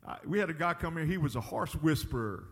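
A man's voice: a little high, big-room sound. A man preaching a sermon in a folksy, emphatic way, often chuckling at his own points. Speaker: pastor.

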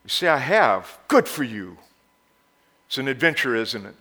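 A male pastor preaching a sermon. He moves from quiet, intimate passages to loud exhortation and leads the congregation in call-and-response. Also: medium pitch, very animated, normal speed.

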